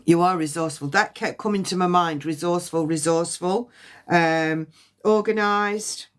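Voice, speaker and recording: A woman giving a past-life psychic reading on a phone livestream, halting and repeating words as impressions come to her. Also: lowish voice. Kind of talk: livestream reading and guided release.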